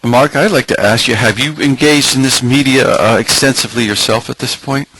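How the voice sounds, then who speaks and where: A man's voice: medium pitch, brisk, bright, forceful tone, poor audio. A man moderating a webinar Q&A who asks questions in a conversational way.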